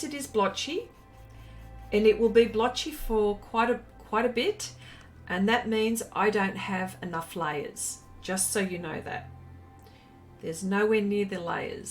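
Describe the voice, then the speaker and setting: A woman's voice: mid-range voice, slow, soft background music. An Australian woman hosting a casual art live stream. She chats with viewers, reads their comments aloud and laughs often. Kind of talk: casual live-stream chat while painting.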